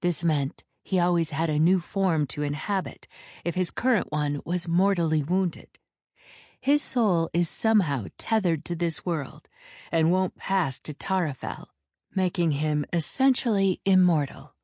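A woman's voice: lowish voice, measured pace, a little mellow, no echo, studio quality, lightly acted. A woman voicing a stern, commanding female elder witch who speaks in clipped, authoritative lines in an audiobook.

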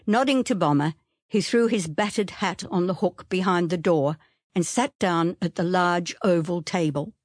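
Audiobook narrator, woman, low-ish voice, steady storytelling, dry close-miked read. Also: normal speed, no echo.

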